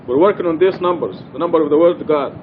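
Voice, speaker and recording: A middle-aged man teaches a religious study class in a mosque, explaining with earnest emphasis. His voice sits somewhat high for a man. The old recording is dull and lo-fi, with a faint rumble underneath. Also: fast talker. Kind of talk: informal religious study talk.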